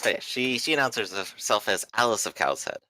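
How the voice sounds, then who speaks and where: Brief: male game master, improvising, hesitant, animated pitch. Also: brisk, rough recording. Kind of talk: narrating a tabletop game.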